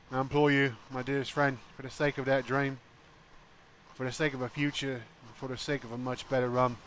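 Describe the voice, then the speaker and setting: A man's voice: medium pitch, slight background noise, natural voice. A man playing an earnest pleading pirate. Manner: pleading, heartfelt speech.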